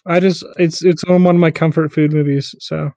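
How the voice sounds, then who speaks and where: A man co-hosting a podcast in casual chat, speaking in a measured way with hesitant restarts. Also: fairly high pitch, flat delivery, warm tone, dry recording. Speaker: podcast co-host.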